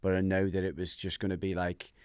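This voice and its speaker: A host from Merseyside, telling a candid personal story on a podcast and acting out the voices in it. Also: male voice, low-pitched, fast, clean tone, dry recording, studio quality. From Merseyside, England. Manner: animated, acts out voices in his anecdotes.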